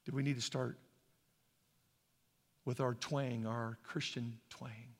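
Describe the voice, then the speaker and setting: A man from Idaho preaching a sermon as a pastor, shifting between hushed, slow passages and loud, fervent ones. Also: mid-range voice, level tone. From Boise, Idaho. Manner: impassioned, swings from hushed to loud. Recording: long hall reverb.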